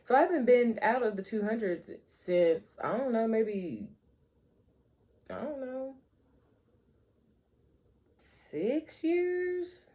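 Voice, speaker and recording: Lively, animated woman vlogger. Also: fairly high pitch, slow, pauses often. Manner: animated, playful, talks to viewers as honey and child. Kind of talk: casual chat to camera.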